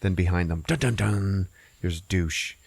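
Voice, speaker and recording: A man's voice: low voice, unhurried, creaky, slightly rough, no room sound. A man hosting a podcast, rambling and swearing as he recaps a movie. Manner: rambling, laughing, profane. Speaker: podcast host.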